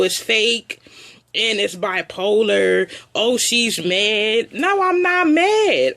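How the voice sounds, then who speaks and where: A woman's voice: medium pitch, fairly bright tone. A woman hosting a live online show, venting her frustration in an emotional, repetitive personal rant.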